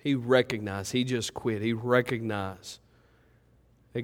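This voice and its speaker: A pastor preaching a sermon, moving between loud, urgent pleas and quiet, low reflection. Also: male voice, fairly even intonation, slow, pauses often. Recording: church hall with long reverb.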